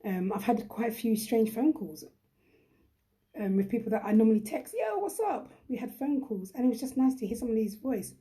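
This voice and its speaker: A young woman talks straight to her viewers in a live chat, warm and mellow in tone. She is chatty and emphatic, often repeating a point to press it home. Her manner stays encouraging throughout. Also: fairly high pitch, steady tone, a little fast. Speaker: host.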